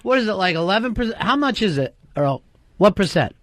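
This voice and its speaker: A man's voice: sits high, very animated, a little fast, a bit bright. A man hosting a radio show, teasing guests with provocative jokes in casual banter.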